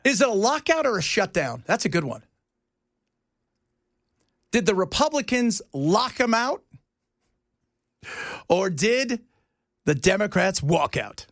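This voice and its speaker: A man hosting a talk radio show, rambling in a casual, animated way from topic to topic. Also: high voice, takes it slowly, long pauses, no echo, studio quality.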